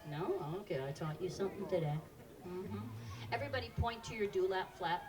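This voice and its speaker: A woman's voice: medium pitch, expressive, a little fast, recorded from a distance, noisy background. A woman presenting live animals to children at an outdoor park show, quizzing the audience in an upbeat way.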